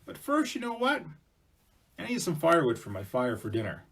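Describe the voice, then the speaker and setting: Man doing a tiny stubborn little man, squeaky high voice, breathy. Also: huge pitch swings, fairly quick, a bit bright, exaggerated voice. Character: tiny stubborn old man in a river hut.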